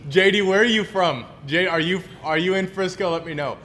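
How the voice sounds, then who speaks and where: A man's voice: sits high, a little fast, fairly bright tone. A man co-hosting a casual livestream in a cigar shop. He laughs often and greets viewers by name.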